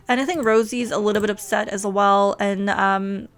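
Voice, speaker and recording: A woman's voice: mid-range voice, fairly even intonation, normal speed. A woman hosting a casual gameplay video, talking in a rambling, chatty way full of fillers. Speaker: game video host.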